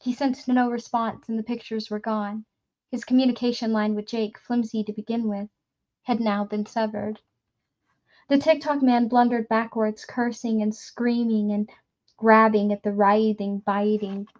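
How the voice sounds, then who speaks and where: A woman reading a novel aloud in a steady storytelling manner, stumbling now and then. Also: a little high, a little slow, muffled recording. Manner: steady storytelling with occasional slips. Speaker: reader.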